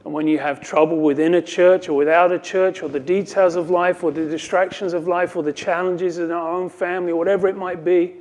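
Fields: Sex: man. Role: pastor. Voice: warm, fairly high. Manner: earnest preaching, dry self-mocking asides. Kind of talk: sermon.

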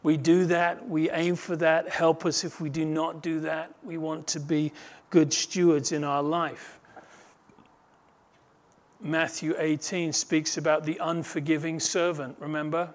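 Male pastor, earnest expository sermon, slightly raised pitch. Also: little pitch movement, normal speed. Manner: earnest expository preaching, rises in pitch when retelling parables.

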